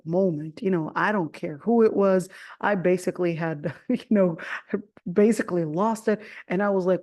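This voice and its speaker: A woman's voice: medium pitch, no echo. American woman teaching in a dry, close recording. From Jordan. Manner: conversational, many "of course" fillers; animated when retelling the story. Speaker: Quran teacher. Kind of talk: religious lesson with a personal story.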